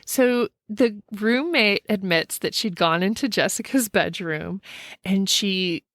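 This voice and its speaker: A woman casually telling a ghost story as a podcast co-host, animated and acting out the people she quotes. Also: slow pace, no echo, clean studio sound. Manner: animated, acts out quoted people with pitch swings.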